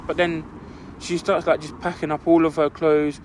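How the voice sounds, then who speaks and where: A man's voice: fairly high pitch, level tone, normal speed, background noise. A young man telling a story on a casual podcast, rambling and full of "like" fillers.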